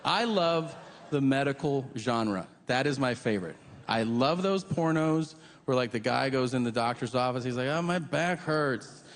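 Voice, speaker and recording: A man's voice: mid-range voice, moderate pace, big-room sound. Profane, loose-talking male stand-up comedian. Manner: profane, confessional, conversational.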